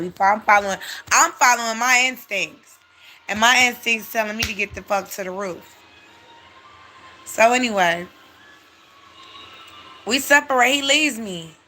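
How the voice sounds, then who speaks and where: Woman storyteller, casual and profane, dramatic build-ups, bright tone, faint background hiss. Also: medium pitch.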